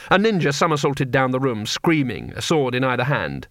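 A man narrating an audiobook in a dry, lively storytelling manner. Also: medium pitch, moderate pace, few pauses, no room sound.

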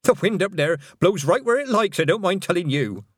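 A man's voice: sits high, very animated, brisk, slightly rough, no room sound, clean studio sound, voice pushed up, heavily acted. A man voicing a cheerful, chatty old witch woman with a homely way of talking.

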